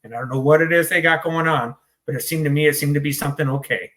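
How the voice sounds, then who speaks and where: A man's voice: fairly high pitch, a bit bright. A man speaking as an interview guest about recovery, telling his story candidly in a blunt, profane, hyper way. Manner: hyper, rapid-fire delivery.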